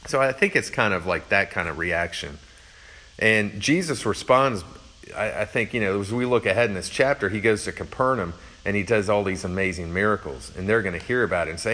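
Brief: male pastor, low voice, earnest explaining tone, casual sermon delivery. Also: animated, normal speed, pushed and bright, rough recording. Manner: earnest, thinking aloud, explains verse by verse. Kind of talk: conversational sermon.

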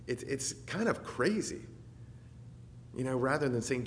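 A man's voice: a little high, lively intonation, normal speed. Man preaching in a reverberant hall. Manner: dynamic, swings between loud declaration and soft reflection. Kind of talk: sermon.

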